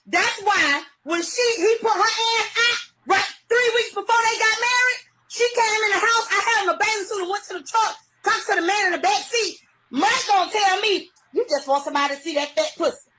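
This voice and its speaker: A middle-aged woman in a heated, profane live-stream rant, often shouting. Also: very high voice, moderate pace, noisy background. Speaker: livestreamer.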